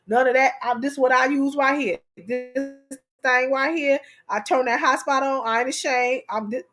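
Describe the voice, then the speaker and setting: A woman with a high-sitting voice hosts a relaxed livestream, addressing viewers head-on. Her delivery is lively and playful, full of laughter.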